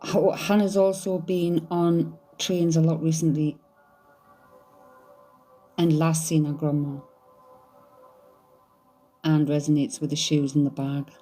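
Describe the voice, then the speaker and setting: A woman's voice: low-pitched, flat delivery, takes it slowly, long pauses, dark tone, faint music behind. A woman doing a psychic reading, thinking aloud in a hesitant, searching way. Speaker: psychic medium. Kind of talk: live medium reading.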